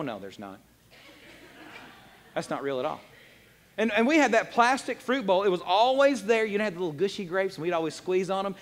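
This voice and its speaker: A male pastor preaching a sermon in an animated, joking way, talking straight to the congregation. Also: sits high. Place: church sanctuary. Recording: long hall reverb.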